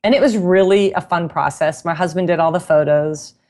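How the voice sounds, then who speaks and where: Chatty, animated woman with a lowish voice. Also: brisk. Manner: chatty and animated, laughs often. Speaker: guest musician and knitting author. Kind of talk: casual interview storytelling.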